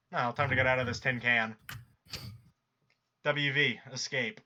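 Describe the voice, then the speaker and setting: A man's voice: medium pitch, fairly even intonation, a little slow, long pauses, sharp tone, lo-fi sound. A man chatting casually with friends on a live stream, teasing and sarcastic, sometimes reading story narration aloud.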